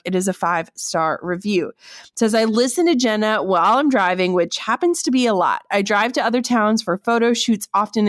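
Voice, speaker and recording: A woman hosting a podcast, talking to her listeners in an energetic, enthusiastic way. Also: mid-range voice, no room sound, studio quality. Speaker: podcast host. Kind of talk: upbeat podcast intro and ad reads.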